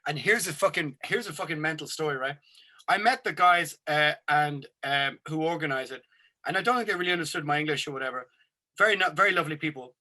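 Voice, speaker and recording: A man's voice: fairly high pitch, quick pace, pushed and bright. An Irish man chatting casually as a podcast host, telling rambling anecdotes and swearing freely. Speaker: podcast host, metal musician. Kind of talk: casual chat.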